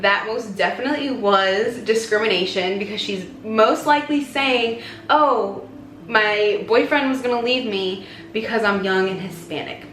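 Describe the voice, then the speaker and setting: A woman in her twenties telling a personal story in a casual vlog, animated and acting out the voices of people she quotes. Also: on the high side. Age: 20s. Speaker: vlogger. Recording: echoey room with background music.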